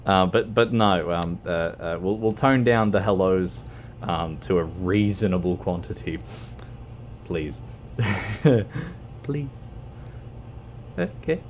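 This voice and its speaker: A man's voice: low-pitched, lively intonation, slow pace, pauses often, slight background noise. A man chatting on a game livestream. He rambles and hesitates with lots of ums and keeps joking at his own expense. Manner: self-mocking joker who laughs a lot. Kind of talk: casual stream chat while gaming. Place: at home, wearing a fox costume.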